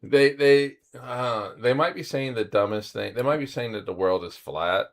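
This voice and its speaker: A man's voice: medium pitch, moderate pace. A man co-hosting a podcast in casual chat, making dry, wry remarks. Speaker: podcast co-host.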